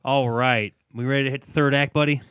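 A man's voice: medium pitch, fairly even intonation, a little fast, fairly bright tone, smooth, no echo, studio quality. Emphatic man hosting a movie podcast. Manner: emphatic, laughs often, urges listeners. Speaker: podcast host. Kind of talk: casual movie chat.

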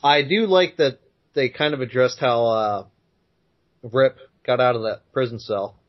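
A man co-hosting a podcast in casual chat, easygoing and measured, often hedging his opinions. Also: mid-range voice. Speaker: podcast co-host. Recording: dull lo-fi sound.

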